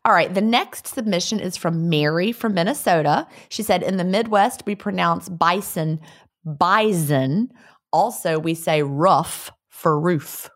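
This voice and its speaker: A woman's voice: on the low side, moderate pace, hardly any pauses. A woman co-hosting a casual chat, reading listener letters and playing with quirky phrases. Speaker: podcast co-host.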